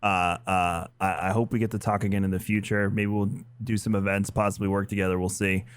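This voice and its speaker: A man co-hosting a podcast, telling an animated story in casual chat and swearing freely. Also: lowish voice, fairly quick, clear, resonant tone, no room sound. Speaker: podcast co-host.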